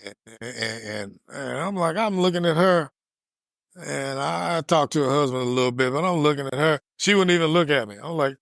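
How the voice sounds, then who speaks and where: A man's voice: a little high, normal speed, creaky, a bit bright, no echo, clean studio sound. A man co-hosting a podcast, retelling a customer service run-in in casual chat and acting out both sides. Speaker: podcast co-host.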